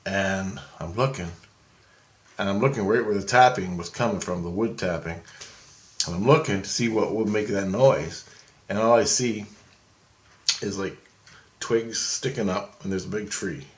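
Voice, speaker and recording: Excitable man telling a story. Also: fairly low pitch, unhurried, pauses often. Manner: excited, rambling, swears freely. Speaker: vlogger. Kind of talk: casual storytelling.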